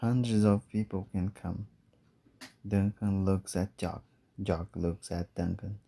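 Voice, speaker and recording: A man narrating a simple storybook for learners in a clear, measured way. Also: sits low, fairly even intonation, warm tone. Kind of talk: slow storybook reading for learners.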